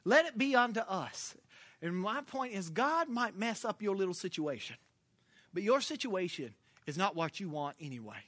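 Male preacher, animated sermon storyteller, bright and lively pitch, dry close sound. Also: normal speed, dry recording. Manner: animated storytelling, swings from loud to hushed.

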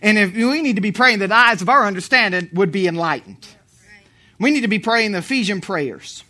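A man's voice: high voice, expressive, a little fast, sharp tone. A male preacher delivering a sermon in an emphatic, storytelling way, hammering repeated phrases.

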